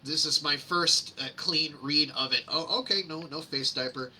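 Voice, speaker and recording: A man with a husky, sharp-edged voice hosts a casual screen-share, reading complaints aloud and mocking them. His delivery is sarcastic and rambling, full of ums and uhs, pitched a little high with a very bright tone. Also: normal speed. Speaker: host reading public complaints.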